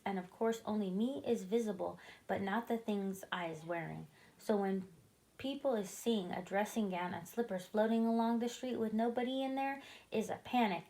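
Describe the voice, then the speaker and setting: A woman reads a children's chapter book aloud, lively and expressive as she carries the story along. Her voice sits at a middling pitch for a woman. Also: poor audio. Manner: expressive, animated read-aloud.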